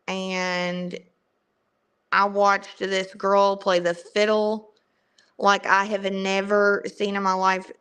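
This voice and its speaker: A woman's voice: mid-range voice, sharp tone, smooth. Chatty Southern woman livestreaming. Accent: strong Southern US. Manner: chatty, greets viewers by name. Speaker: livestream host. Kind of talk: casual livestream chat.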